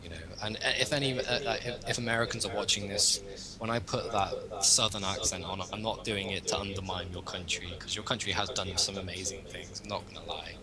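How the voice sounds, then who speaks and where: Young bloke chatting politics, opinionated, kinda rambly, deeper voice. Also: male voice, fairly even intonation, brisk, a crowd in the background, low-quality recording. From Britain. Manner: rambling, opinionated, thinks aloud. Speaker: host. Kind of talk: casual political chat.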